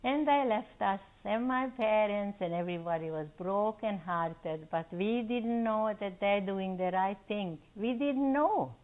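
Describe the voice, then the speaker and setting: A woman's voice: medium pitch, unhurried, few pauses, poor audio. An older woman from Czechoslovakia telling her family's story in an oral history interview, acting out what people said. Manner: animated storytelling, acting out quoted voices.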